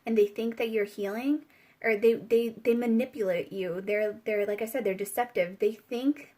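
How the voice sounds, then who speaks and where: A woman's voice: fairly high pitch, steady tone, moderate pace, mellow. Giggly, chatty woman reading tarot. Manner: rambling, giggly, chatty with many fillers. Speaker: tarot reader. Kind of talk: casual spiritual tarot reading.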